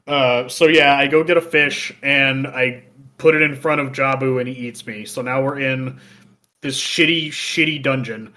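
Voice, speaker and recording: Bright-voiced, profane man talking games. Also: mid-range voice, normal speed. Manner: profane, animated storytelling with voiced quotes. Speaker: podcast co-host. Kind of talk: casual chat.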